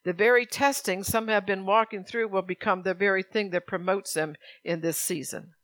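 A woman pastor preaching a sermon. She reads scripture slowly and earnestly and puts direct questions to her congregation. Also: medium pitch, fairly even intonation, a bit bright, dry recording.

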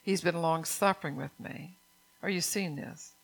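A woman's voice: deep voice, normal speed, vocal fry. An older woman preaching an earnest sermon, reading scripture aloud and asking her congregation questions.

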